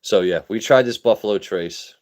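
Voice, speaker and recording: With a fairly low voice at a moderate pace, a young Marylander runs a live stream. Cursing freely and full of energy, he chats loosely and engages directly with his chat.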